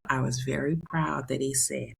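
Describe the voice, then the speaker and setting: A woman in her fifties with a low, deep voice speaks. She hosts a podcast and tells a personal story in a candid, emotional way, acting out what people said. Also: little pitch movement, moderate pace, vocal fry, husky. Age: 50s. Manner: candid and emotional, with laughs and quoted dialogue. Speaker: podcast host.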